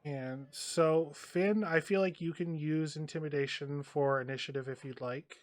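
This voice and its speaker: A man's voice: fairly high pitch, steady tone, normal speed, no room sound. A man running a tabletop role-playing game as game master, talking loosely with lots of fillers. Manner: rambling with many fillers.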